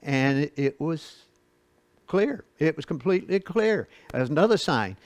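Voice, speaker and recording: A man teaching a Bible study lesson, reading scripture slowly and explaining it in a folksy way with asides and chuckles. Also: a little high, expressive, darkish tone, no room sound.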